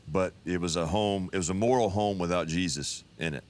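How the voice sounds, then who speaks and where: Man, 50s, pastor, deep voice, folksy testimony storyteller. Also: brisk. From Texas.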